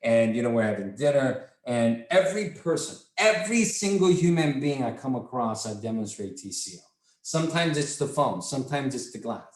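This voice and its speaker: A man leading a sales training session, talking in an excitable, repetitive, salesy way. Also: mid-range voice, moderate pace. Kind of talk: enthusiastic product training talk. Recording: echoey room.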